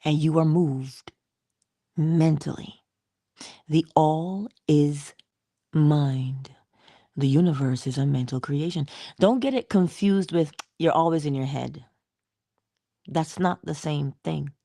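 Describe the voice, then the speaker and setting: A middle-aged woman giving a motivational morning talk, speaking slowly and deliberately and answering her own rhetorical questions. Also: deep voice, dark tone, dry recording, studio quality. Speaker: inspirational speaker.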